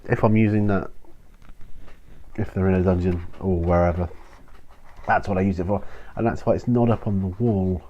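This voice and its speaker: A weary man talks through viewer questions in a low, dark voice, meandering and restarting his sentences. The home recording sounds dull and muffled. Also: fairly even intonation, moderate pace, pauses often. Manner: rambling, self-interrupting, frequent ums and sighs. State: tired, prone to yawning. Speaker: channel host answering viewer questions. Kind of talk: casual solo Q&A video.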